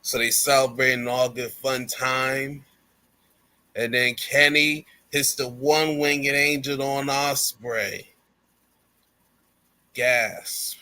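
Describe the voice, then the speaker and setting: A man's voice: medium pitch, steady tone, slow pace, pauses often, pushed and bright. A man casually recapping a wrestling show on a podcast, storytelling with slang and acting out the wrestlers' lines. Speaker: podcast co-host.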